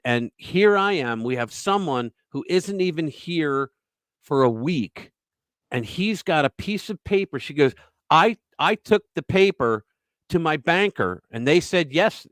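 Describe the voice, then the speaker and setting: Man, political talk host, emphatic, conversational, mid-pitched voice, dry close mic. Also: dry recording. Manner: emphatic, conversational, retelling stories with asides. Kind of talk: political commentary show.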